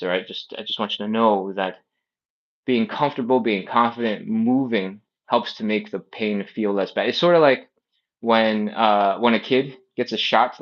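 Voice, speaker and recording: A man's voice: lowish voice, lo-fi sound. A man teaching a live stretching class, explaining casually with plenty of tangents. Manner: rambling explanations with many tangents. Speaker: stretching instructor. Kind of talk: casual live-stream coaching.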